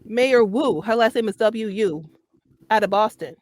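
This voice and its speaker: A woman's voice: medium pitch, unhurried, a little mellow, no echo. A woman guest giving casual, emphatic commentary on a talk show. She repeats her points for stress and laughs easily. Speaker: podcast guest.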